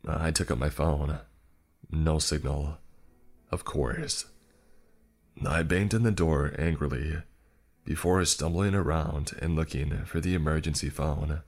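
A man's voice: rumbling low, fairly even intonation, unhurried. A man narrating a first-person horror story in a dry, sarcastic tone.

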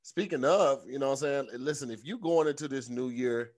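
A man co-hosting a comedy podcast, talking in an animated, slangy way and reading an ad casually. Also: mid-range voice, brisk. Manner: animated, slangy, repeats words for comic effect. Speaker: podcast co-host. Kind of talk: casual chat and host-read ad.

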